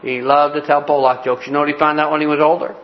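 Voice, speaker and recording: A man's voice: fairly high pitch, little pitch movement, quick pace, lo-fi sound, slight background noise. A man preaching a sermon in a folksy, joking way, repeating his key phrases. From Cleveland, Ohio. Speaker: pastor.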